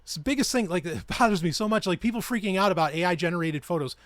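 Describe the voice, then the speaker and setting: A man's voice: sits high, animated, fast, fairly bright tone, no room sound. A man hosting his own podcast, ranting in a heated, profane and sarcastic way. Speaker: podcast host. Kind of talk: ranting solo podcast talk.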